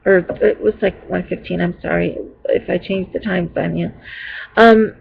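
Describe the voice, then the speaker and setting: A woman's voice: fairly low pitch, fairly even intonation, measured pace, vocal fry, a little hiss or hum. A woman vlogger telling her viewers a story in a rambling, casual way with many fillers and restarts, sounding exasperated. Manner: exasperated retelling. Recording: dull lo-fi home recording.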